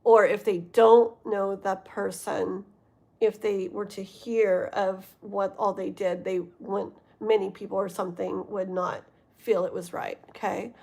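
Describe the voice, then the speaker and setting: Slow-talking woman reading tarot live. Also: mid-range voice, flat delivery, creaky, mellow. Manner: rambling, keeps checking in with listeners. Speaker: tarot reader.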